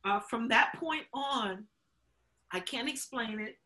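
Bright-voiced woman telling a candid story. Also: a little high, slow. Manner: emotional, chokes up while telling it; laughs often, acts out quotes. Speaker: show host sharing her story. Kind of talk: candid conversation.

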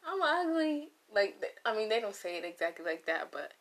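Rambling young woman with a lowish voice. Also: fast talker. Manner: rambling, loses her train of thought, playful asides. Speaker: vlogger. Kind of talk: casual comedic monologue. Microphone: close microphone.

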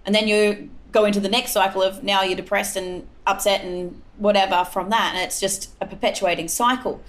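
A woman's voice: medium pitch, fairly even intonation, brisk, a little hiss or hum. A woman, hosting a podcast, asking direct, probing questions in casual chat. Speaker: podcast host.

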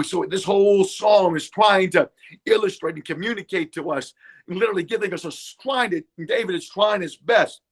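Male preacher, high gravelly voice, fervent sermon delivery. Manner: fervent, repeating "come on now".

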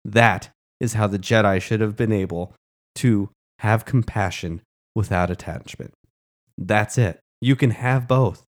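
A man's voice: fairly low pitch, unhurried. A man co-hosting a podcast, talking in an earnest, impassioned way in casual chat. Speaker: podcast co-host.

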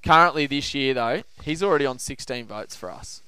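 An Australian man hosts a casual footy betting chat, pushing his tips with confident, lively banter. His voice is smooth and resonant. The sound is close and dry, with no room around it. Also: medium pitch, a little fast, no room sound. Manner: confident, animated tipster banter. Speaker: podcast host.

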